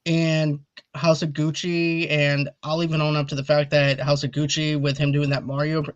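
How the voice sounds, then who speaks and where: A man's voice: a little high, monotone, moderate pace, no echo. Rambling male movie podcast host. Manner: rambling, eager, calls on viewers to comment. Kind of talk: casual review chat. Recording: dull lo-fi audio.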